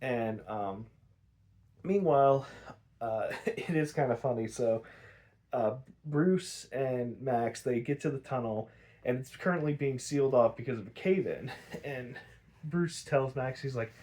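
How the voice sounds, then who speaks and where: A man's voice: mid-range voice, a little slow, mellow. Man, casual cartoon recap, rambling, laughs a lot, swears. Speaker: podcast host recapping a cartoon episode.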